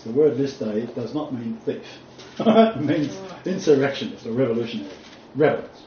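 A man's voice: medium pitch, lively intonation, warm tone. Emphatic male preacher in a roomy hall. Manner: emphatic, deliberate, cites sources aloud. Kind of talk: sermon with scripture reading. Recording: distant mic, roomy echo, dull sound.

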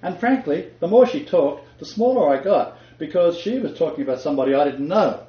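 A man's voice: on the high side, animated, brisk. Emphatic older man in an echoey room. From Australia. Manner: emphatic, chuckling, quotes scripture. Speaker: Christian teacher. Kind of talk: conversational sermon-style talk. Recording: echoey room, dull lo-fi sound.

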